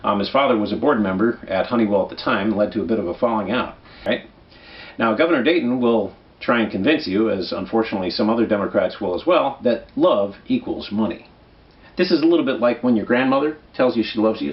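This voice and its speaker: A fairly low-pitched man talks fast, with the highs cut off in the audio. He's a Minnesotan hosting a comic election guide as a political commentary host, persuasive and conversational, often checking in with "right?"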